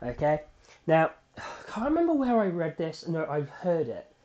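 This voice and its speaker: A man hosting a solo fan podcast, recapping a TV episode in an excitable, animated storytelling way with frequent restarts. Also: a little high, moderate pace, highs cut off. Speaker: podcast host.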